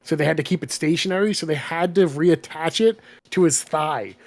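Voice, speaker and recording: A man's voice: fairly high pitch, moderate pace. A man in casual podcast chat, telling stories with lots of laughter and animation. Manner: animated storytelling, laughing often. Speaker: podcast co-host.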